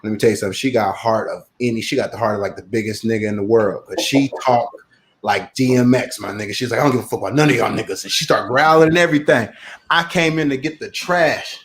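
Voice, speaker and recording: A man with a voice of middling pitch talks through a rough, profane story at an easy pace. It is relaxed podcast banter among friends. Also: quick pace. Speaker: podcast co-host. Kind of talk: casual chat.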